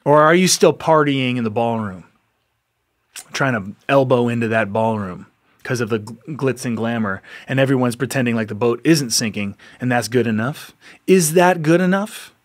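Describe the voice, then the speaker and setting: Speaking at a moderate pace in a mid-range voice, a male podcast host gives an earnest, exhorting motivational monologue. Repetition is frequent, and he laughs between his lines.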